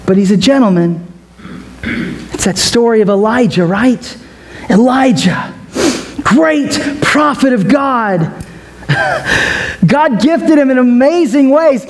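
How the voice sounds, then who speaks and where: A male pastor preaching a sermon, telling a story in an animated way. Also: very high voice, slow, pauses often.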